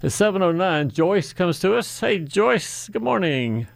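A man's voice: high-pitched, sing-song, a little slow, vocal fry, dry recording. A man hosting a call-in garden radio show, chatting in a folksy, rambling way with asides.

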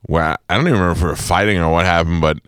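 Deep-voiced man hosting morning radio. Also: steady tone, racing, fairly bright tone, clean tone, dry recording, clean studio sound. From New York. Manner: joking, laid-back storyteller. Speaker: radio show host. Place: radio studio.

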